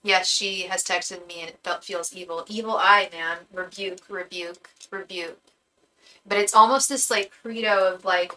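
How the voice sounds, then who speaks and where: Bright-voiced chatty woman tarot reader. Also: medium pitch, fairly even intonation, a little hiss or hum, low-quality recording. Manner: chatty, slangy, repeats fast invocations to spirit guides. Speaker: tarot reader and psychic medium. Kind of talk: casual live-stream chat and tarot reading.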